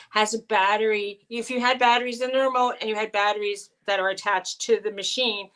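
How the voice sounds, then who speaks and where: Co-hosting a laid-back live-stream, a middle-aged woman spins meandering anecdotes, chattily quoting the people who appear in them. She speaks in a steady, slightly bright mid-range voice at a moderate pace, though the audio quality is poor.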